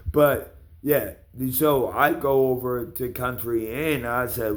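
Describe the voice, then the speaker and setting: A man telling a rambling story in an angry, profane rant, his voice rising and getting louder as he heats up. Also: animated, slow pace, few pauses. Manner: gets louder and higher when angry. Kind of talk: angry ranting monologue.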